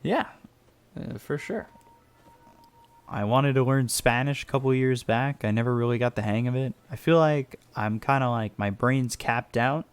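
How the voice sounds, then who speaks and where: A man's voice: medium pitch, normal speed, clean tone, dry recording. A man, doing laid-back and chatty commentary on an esports match. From United States. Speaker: esports caster. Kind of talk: casual play-by-play commentary.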